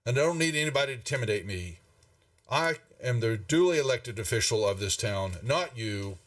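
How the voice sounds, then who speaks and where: A man's voice: mid-range voice, expressive, moderate pace, fairly bright tone, far from the mic, close to an everyday voice. A man voicing a pompous, portly older male town master who blusters and brushes people off. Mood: blustering. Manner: blustering, dismissive.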